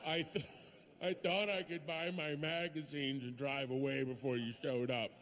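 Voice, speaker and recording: A man doing stand-up comedy on stage, animated, breaking into loud high-pitched bits as he tells a story. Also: moderate pace, noisy background. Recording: live hall with long reverb.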